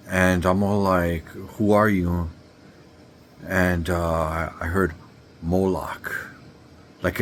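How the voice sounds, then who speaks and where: Low-voiced man rambling casually. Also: a little hiss or hum. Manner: rambling, filler-heavy, laid-back slang. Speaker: vlogger. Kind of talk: casual storytelling to camera.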